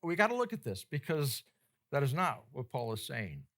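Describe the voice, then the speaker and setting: A man's voice: medium pitch, sing-song, normal speed, a bit bright. A male pastor preaching a sermon in a conversational, emphatic way, slipping into quoted voices as he explains.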